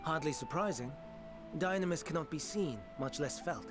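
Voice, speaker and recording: An actor playing a scholarly male sage in a fantasy game, explaining in formal, archaic, measured speech. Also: a little high, music in the background, natural voice. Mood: calm lecturing. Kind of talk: game cutscene voice acting.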